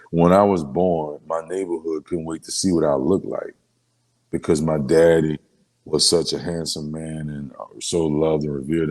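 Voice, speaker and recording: A male rapper from New Orleans, Louisiana, speaks in an extremely low, mellow voice during a casual sit-down interview. He tells emotional stories using street slang and lots of filler phrases.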